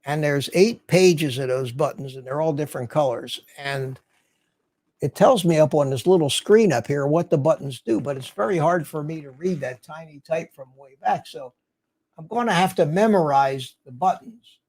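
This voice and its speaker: A man's voice: fairly high pitch, normal speed, darkish tone, no echo. An older man hosting a livestream in casual chat, rambling along and greeting viewers by name. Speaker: livestream host. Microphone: studio mic through a mixer.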